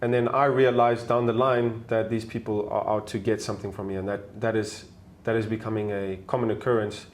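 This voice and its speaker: Young man, halting podcast chat. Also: lowish voice, flat delivery, a little hiss or hum. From South Africa. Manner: halting, repeats words while searching for phrasing. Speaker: guest. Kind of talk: casual podcast conversation.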